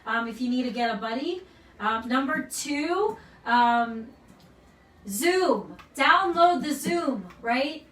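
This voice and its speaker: An earnest woman gym owner delivers a heartfelt motivational address at an unhurried pace. Her voice sits high, and she often checks in with "right?". She is picked up from a distance in a roomy, echoing space. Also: expressive, a bit bright. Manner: earnest, emotional, repeats "right?".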